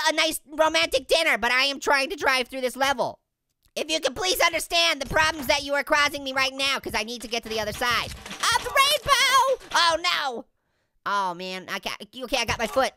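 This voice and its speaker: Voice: creaky, sharp tone, no room sound, full character voice. A performer voicing a hyperactive, wisecracking cartoon orange, joking and punning through game commentary. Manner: goofy, punning, giggly, high-energy. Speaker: gaming let's-play host. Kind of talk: let's play game commentary.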